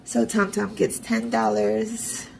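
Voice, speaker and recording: Speaking slowly and flatly in a mid-range voice with gravelly vocal fry, a woman vlogger narrates her budgeting and bill transfers through online banking. She chats to herself and throws in sarcastic asides. The audio is poor, with slight background noise.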